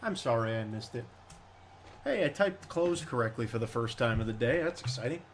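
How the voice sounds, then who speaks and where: A man giving live commentary on a simulated monster truck event, chatty and excitable, grumbling sarcastically between runs. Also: medium pitch, fairly quick, background noise.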